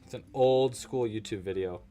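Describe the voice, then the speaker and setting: A man's voice: lowish voice, moderate pace, dark tone, faint music behind. A man hosting a live crochet-along, chatting casually and joking while he thinks aloud about his work. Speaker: livestream crochet host.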